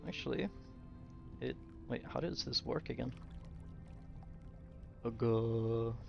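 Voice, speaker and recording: A young game streamer talks slowly and half to himself as he works, with a heavily gravelly, fry-laden voice. He chats casually with his viewers between tasks. The audio is dull and lo-fi, with faint music under it. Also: mid-range voice. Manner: muttering to himself while building, chatting to viewers. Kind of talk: casual gameplay commentary to chat.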